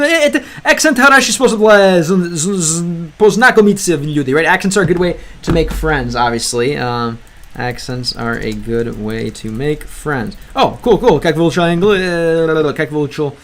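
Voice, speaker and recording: A man with a somewhat high voice hosts a relaxed livestream and talks straight to his chat. He speaks with a lot of ums and uhs, pausing as he hunts for words. Now and then he slips from English into learner Russian. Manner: halting, fills gaps with many ums and uhs. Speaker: livestream host reading chat.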